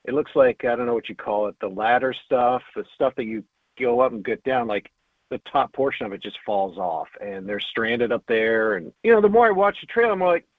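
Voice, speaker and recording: A man's voice: mid-range voice, brisk, no echo. A man chatting casually as a guest co-host, joking and rambling. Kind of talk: casual chat. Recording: tinny phone-line sound.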